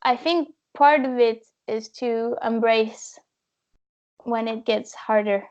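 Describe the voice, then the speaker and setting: Animated woman guest, slightly high voice. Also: slow pace. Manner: animated, acts out quoted voices, laughs often. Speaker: podcast guest, expedition kayaker. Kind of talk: casual storytelling interview. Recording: dull lo-fi audio.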